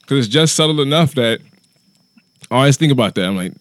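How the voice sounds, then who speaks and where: A comedian in casual chat, relaxed, laughing easily and swearing casually. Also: male voice, medium pitch, fast, no echo.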